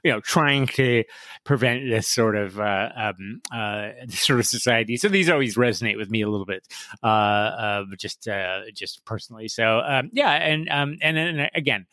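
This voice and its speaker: A man's voice: medium pitch, normal speed, bright, forceful tone, dry recording. A man co-hosting a podcast in casual chat, hesitant and rambling with many fillers and dry jokey asides. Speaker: podcast co-host.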